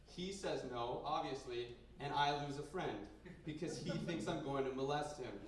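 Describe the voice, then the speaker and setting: At a basement bar comedy night, a young Canadian stand-up comedian performs a crude, rambling set punctuated by sudden loud outbursts, with a crowd audible behind him. His pitch is fairly high and his pace moderate. He uses a handheld stage mic, but the sound was captured by a camera in the room, so it comes across as very echoey and distant.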